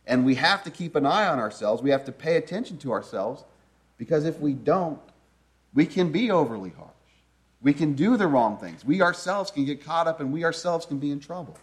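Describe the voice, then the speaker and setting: A man's voice: medium pitch, animated, normal speed. Earnest male preacher giving a sermon. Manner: earnest, conversational teaching with many rhetorical questions.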